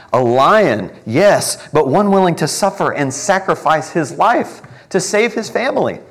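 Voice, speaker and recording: Man, pastor, sermon, earnest, building emphasis, softens on key words, medium pitch.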